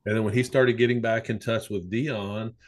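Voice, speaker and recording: A man's voice: lowish voice, a little fast. A middle-aged man, a psychotherapist, telling long anecdotes in a casual conversation. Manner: rambling storyteller, lively anecdotes. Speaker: psychotherapist guest.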